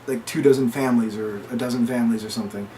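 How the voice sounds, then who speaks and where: A man's voice: medium pitch, steady tone, rapid-fire, warm tone, slight background noise. Rambling man retelling a game plot. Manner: rambling retelling with quoted dialogue. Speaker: podcast co-host. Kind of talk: casual spoiler chat.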